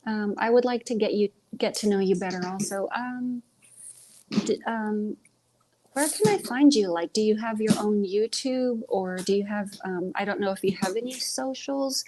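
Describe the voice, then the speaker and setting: A woman's voice: medium pitch, normal speed, mellow, a little hiss or hum, low-quality recording. A woman hosting a casual live stream from home, chatting loosely and tripping over her words, talking into earbuds. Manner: rambling, stumbling over words.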